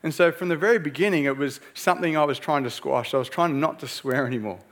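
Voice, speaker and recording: Pastor, middle-aged man, fairly high voice, earnest conversational sermon delivery. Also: fast. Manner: earnest, conversational preaching with rhetorical "right?".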